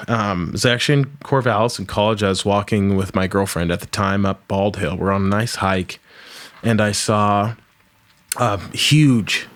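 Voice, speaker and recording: A man hosting a podcast, telling stories animatedly and acting out quotes in a casual way. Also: fairly low pitch. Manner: animated storyteller, acts out quotes loudly. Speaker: podcast host. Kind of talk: casual conversation.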